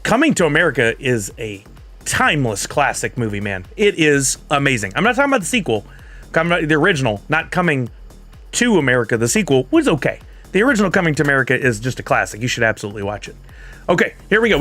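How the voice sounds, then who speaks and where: A man's voice: a little high, sing-song, fast talker, a bit bright, faint music behind. A man hosting a casual livestream, chatty and upbeat, walking viewers through steps and reading out their comments. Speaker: livestream host.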